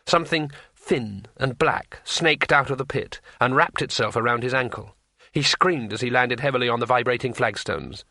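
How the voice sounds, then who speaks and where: Male narrator, bright clear voice, dramatic measured delivery, dry booth sound. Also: medium pitch, dry recording. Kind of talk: audiobook narration.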